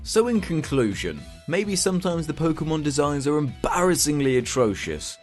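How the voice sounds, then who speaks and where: A man's voice: on the high side, sing-song, moderate pace, faint music behind. A man giving a sweary comedic rant, sarcastic and exasperated. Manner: sarcastic, exasperated, mocking quoted voices. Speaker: comedy ranter, channel host.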